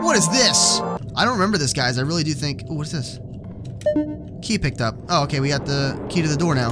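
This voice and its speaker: A young man commenting on a horror game as he plays, joking and swearing when startled. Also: fairly high pitch. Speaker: let's play gamer.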